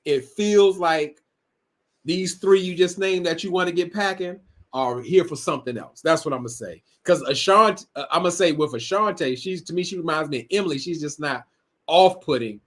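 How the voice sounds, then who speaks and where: A man's voice: fairly high pitch, moderate pace, a bit bright. A young adult man co-hosting a casual live-stream recap, laid-back, laughing often and reading viewer comments aloud.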